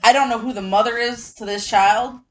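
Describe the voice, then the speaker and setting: A woman's voice: fairly high pitch, steady tone, a little fast, low-quality recording. A woman and parent in casual chat, outspoken and profane.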